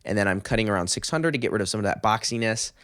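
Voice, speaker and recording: Tutorial host, male, low-ish voice, upbeat step-by-step explainer, dry close mic. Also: animated, rapid-fire, fairly bright tone, dry recording. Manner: upbeat, explanatory, walks through settings step by step. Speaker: mixing engineer teaching a tutorial. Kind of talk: screen-recorded music production tutorial.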